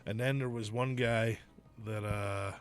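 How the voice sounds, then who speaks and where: A man's voice: lowish voice, unhurried, smooth. A man, a podcast co-host and former wrestler, telling stories in casual chat, swearing often and laughing as he talks. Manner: profane, laughing, animated storyteller.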